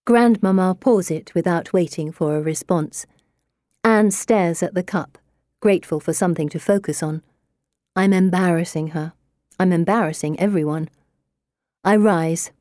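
A woman narrating a first-person novel aloud, expressive with a bitter, wry edge. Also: lowish voice, normal speed, dry recording, clean studio sound. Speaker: audiobook narrator.

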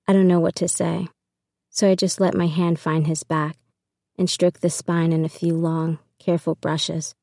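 A woman narrating a first-person audiobook in an even, intimate storytelling manner. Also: fairly low pitch, normal speed, creaky, dry recording, clean studio sound.

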